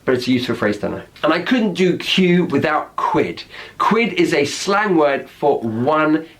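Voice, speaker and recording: A British man with a fairly high voice teaches slang with a chatty, teacherly manner. He breaks into little acted-out example phrases as he explains. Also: sing-song, unhurried. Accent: British English. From Britain.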